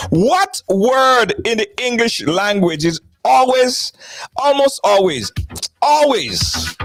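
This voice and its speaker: Playful live-stream host. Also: mid-range voice. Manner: playful, repeats phrases, greets viewers by name. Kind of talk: casual live-stream chat.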